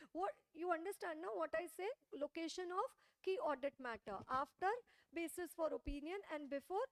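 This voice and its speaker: A high-pitched woman with an Indian English accent lectures on auditing. She keeps asking the class whether they understand and repeats her key points. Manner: checks understanding with frequent rhetorical questions.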